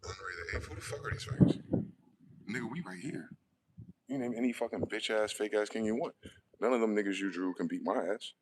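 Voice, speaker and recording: A man with a low-pitched voice delivers a heated, profane monologue. He fires off questions and answers them himself in a confrontational way. Faint noise and clicks sit under the recording. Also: brisk, poor audio. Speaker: online video host. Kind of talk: ranting monologue.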